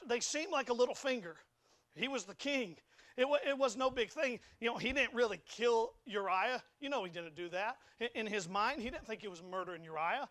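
High-voiced young man preaching. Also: moderate pace, fairly bright tone. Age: young adult. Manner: stammering repeats, folksy, emphatic preaching. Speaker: pastor. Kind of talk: sermon. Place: church sanctuary.

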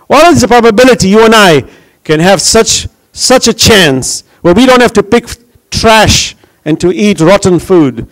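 High-voiced man preaching with passion. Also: low-quality recording. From grew up in New York. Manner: impassioned, rhetorical questions. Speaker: lecturer. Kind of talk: Ramadan religious lecture.

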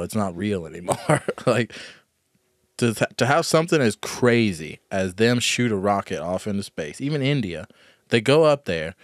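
A man's voice: on the low side, dry recording, clean studio sound. A man co-hosting a podcast, reacting to news clips with sarcastic disbelief and frequent laughter. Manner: sarcastic, incredulous, laughs often. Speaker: podcast co-host.

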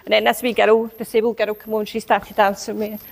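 A woman's voice: medium pitch, level tone, fast, vocal fry, breathy edge. A woman preaching a sermon, telling a personal story and building into emphatic exhortation.

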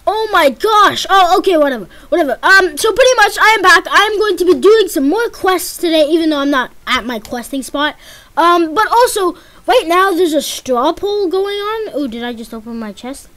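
A woman giving casual let's-play commentary as she plays, excitable and yelping and pleading whenever danger strikes. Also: very high voice, moderate pace. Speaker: gameplay commentator.

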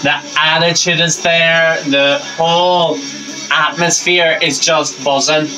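An upbeat man with a fairly high voice hosts a reaction video. He talks over a live performance, giving eager running commentary. Loud concert music plays clearly behind his voice. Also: flat delivery, takes it slowly, rough recording. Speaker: reaction channel host.

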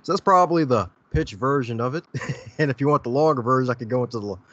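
A man's voice: mid-range voice, fast, fairly bright tone, dry recording, dull audio. A man who is a podcast guest and coach, talking easily and laughing often over a video call. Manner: upbeat, laughs often, easygoing. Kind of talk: casual interview.

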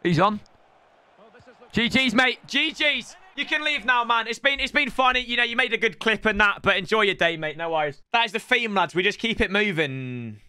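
A young man commentating live on a video game he is playing, excitable, teasing his opponent and breaking into shouts. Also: high voice, moderate pace, clear, resonant tone, dry recording.

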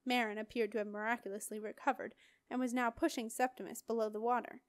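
Woman reading a storybook aloud, a bit high pitched, super dry close mic. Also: flat delivery, fast talker, no room sound. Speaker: audiobook reader. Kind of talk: scripted narration.

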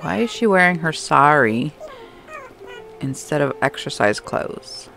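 A woman's voice: low voice, lively intonation, a little slow, gravelly, fairly bright tone. Chatty woman talking over game music. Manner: chatty, talks to game characters, laughs often. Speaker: gameplay streamer. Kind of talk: casual gameplay commentary. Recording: faint background music.

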